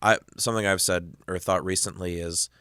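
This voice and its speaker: Deep smooth-voiced Midwestern man, laid-back. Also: fairly even intonation, fairly quick, bright, forceful tone, dry recording, studio quality. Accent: Midwestern American. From American Midwest. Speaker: podcast co-host. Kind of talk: casual chat.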